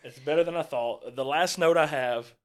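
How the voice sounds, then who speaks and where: A man hosting a casual movie reaction chat, talking in a rambling, halting way with lots of fillers and restarts. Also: a little high. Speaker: host leading a movie reaction.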